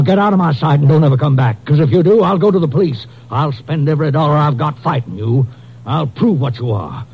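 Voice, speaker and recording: A man's voice: on the high side, breathy edge. An actor playing an anxious middle-aged male car dealer in a vintage radio drama, nervous and stammering. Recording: muffled old radio recording.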